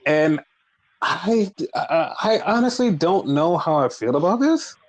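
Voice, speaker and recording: A man co-hosting a podcast, casually recapping wrestling in a profane, animated way. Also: fairly high pitch, measured pace, rough recording. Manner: profane, animated retelling with put-on quotes. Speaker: podcast co-host.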